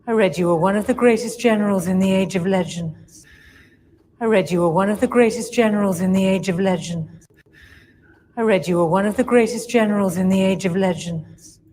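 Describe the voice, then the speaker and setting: An actress playing a composed sorceress questioning a captive, with a calm, measured delivery. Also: female voice, medium pitch, lightly acted. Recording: reverberant TV clip with faint background noise.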